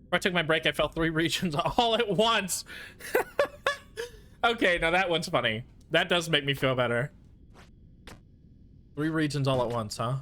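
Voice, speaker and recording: On the high side and at normal speed, the man's voice sounds bright and forceful. During his casual game stream he grows frustrated, muttering to himself soothingly between bursts.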